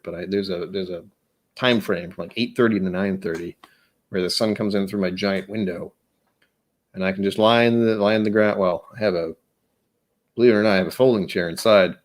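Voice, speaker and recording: A man's voice: on the low side, darkish tone. A man from the United States hosting a casual whiskey livestream, chatty, rambling and self-deprecating as he reads chat aloud. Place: indoors at home.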